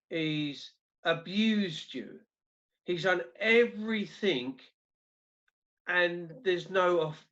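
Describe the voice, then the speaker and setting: A man hosting an interview, speaking as a sympathetic listener in a slow and deliberate way. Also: a little high, a bit bright, dull audio. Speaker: host. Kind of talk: interview chat.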